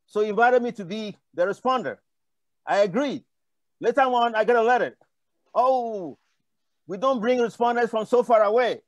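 A high-pitched older man from Africa rambles passionately through stories at a conference panel, digressing and restarting often. No room sound is audible.

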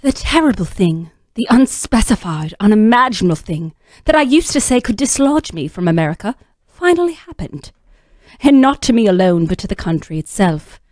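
A woman's voice: medium pitch, very animated, moderate pace, a little mellow, no room sound, clean studio sound, close to an everyday voice. A woman voicing a snooty British woman writer, reading her essay aloud in a put-on British accent with a prim, haughty manner. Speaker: radio co-host. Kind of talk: dramatic reading.

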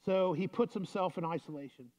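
A man's voice: sits high, fairly quick, darkish tone. A male pastor preaching a sermon in a conversational, storytelling way.

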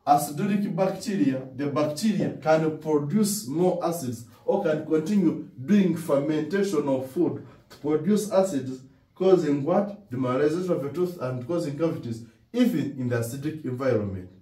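A man with a Ugandan English accent lectures in a slow, mellow voice, often posing questions and answering them himself. His pitch sits a little on the high side. He is recorded from a distance in an echoey room. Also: expressive. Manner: repeats key words with emphasis. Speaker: dental lecturer. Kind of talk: classroom lecture. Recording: roomy echo, distant from mic.

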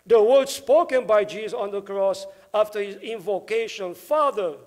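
A man preaching a Good Friday homily in a church as the parish priest, slow and emphatic, leaning on key words. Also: high-pitched, a little mellow.

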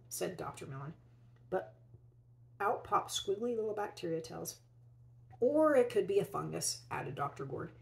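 A woman teacher reading a children's picture book aloud, expressively, and pausing to ask her young listeners questions. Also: lowish voice, creaky, slight background noise, low-quality recording. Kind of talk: children's read-aloud storytelling.

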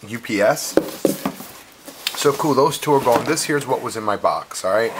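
Rambling, excitable man on a noisy home video. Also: medium pitch, moderate pace, pauses often. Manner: rambling, excitable, with many fillers and asides to viewers. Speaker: unboxing vlogger. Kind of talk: casual vlog storytelling.

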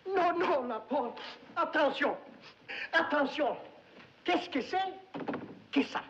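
Old film role: an exasperated, scolding mother, high voice, slow drawn-out delivery, dull soundtrack. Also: lively intonation, slight background noise. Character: haughty mother fussing over French lessons. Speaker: mother giving a French lesson. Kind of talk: 1930s film acting.

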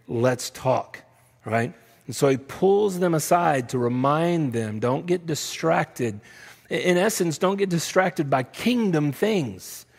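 A man's voice: mid-range voice, vocal fry, darkish tone, breathy edge. A man with a Texan accent preaching a sermon as pastor, in a conversational style that often adds "right?", with playful asides. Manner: self-described nerdy, playful asides. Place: church sanctuary. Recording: church hall reverb.

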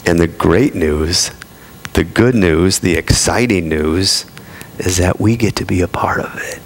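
Deep, gravelly-voiced male pastor preaching. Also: measured pace, a little hiss or hum. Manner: conversational preaching with playful asides. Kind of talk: sermon.

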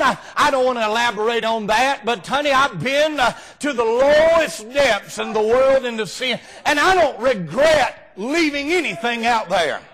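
A man preaching a folksy revival sermon as a guest preacher, often breaking into shouts. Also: very high-pitched. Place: church sanctuary.

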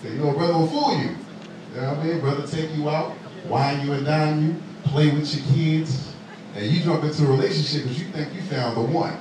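A man's voice: fairly high pitch, a little fast. Playful male stand-up comic in echoey club. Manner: playful, teasing, talks to the crowd. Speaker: stand-up comedian. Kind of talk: stand-up comedy set. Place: comedy club. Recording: echoey club, distant mic, crowd noise. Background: audience laughter.

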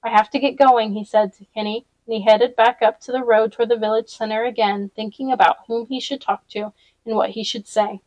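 A woman reading a novel aloud in a relaxed read-along style, with small restarts as she goes. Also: a little high, fairly quick, dry recording, poor audio.

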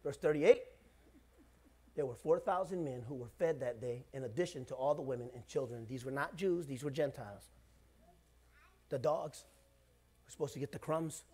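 A middle-aged man, the pastor, preaching a sermon in a conversational way, swinging between loud bursts and hushed asides. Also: mid-range voice, moderate pace, pauses often, slightly rough.

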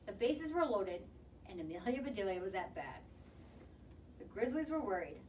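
A woman reading a children's picture book aloud in an expressive, lively way. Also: medium pitch, normal speed, a little hiss or hum. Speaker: storybook reader. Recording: distant mic with faint ambience.

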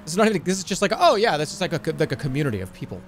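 A man's voice: a little high, very animated, very fast, a little hiss or hum. A man streaming a game, chatting casually in a rambling, stammering way with plenty of swearing. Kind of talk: casual chat while gaming.

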